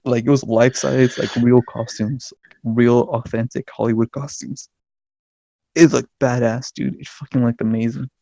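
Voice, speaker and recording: Excitable young man telling a story. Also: mid-range voice, moderate pace, vocal fry, no echo. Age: young adult. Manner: excitable, swears a lot, laughs mid-story. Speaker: podcast co-host. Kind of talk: casual storytelling chat.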